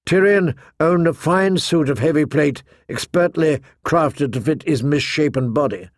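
A man narrating a fantasy novel in steady scripted narration. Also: fairly high pitch, measured pace, no room sound, clean studio sound. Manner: steady storytelling. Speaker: audiobook narrator.

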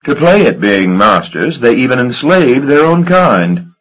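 A man voicing Damon Julian, a cruel, languid ancient male vampire lord, speaking in a silky, mocking, unhurried way. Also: medium pitch, big pitch swings, voice pushed up, rough recording.

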